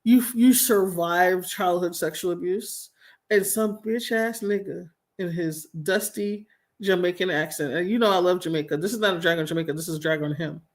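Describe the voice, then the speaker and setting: A woman in her forties hosts a casual livestream from home, telling a story in a blunt, emphatic and profane manner. Her voice is lowish and moves at normal speed.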